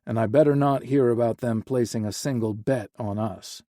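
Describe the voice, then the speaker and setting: A man voicing a rugged, protective ranch man with a low, growling delivery in an audiobook. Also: normal speed, warm tone, no echo, clean studio sound, natural voice. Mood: firm. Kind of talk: audiobook character voice.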